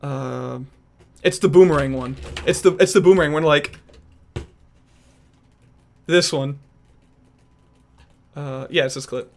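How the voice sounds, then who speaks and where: A man's voice: fairly high pitch, takes it slowly, creaky, pauses often, darkish tone, slight background noise. A man streaming who chats casually and rambles while trying out voice impressions. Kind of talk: casual chat.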